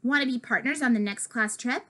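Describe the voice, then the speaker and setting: A woman's voice: fairly high pitch, fairly quick, bright, forceful tone. A woman voicing a young schoolgirl in a storybook read-aloud, secretive and dismissive. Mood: breezy.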